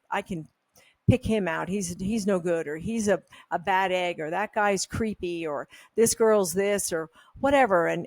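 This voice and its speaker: A woman talking to camera in a loose, rambling vlog monologue, candid and opinionated. Her voice sits at a middling pitch and the sound is dry and close, with no room echo. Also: a little mellow. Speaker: health supplement brand host. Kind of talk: casual talking-head monologue.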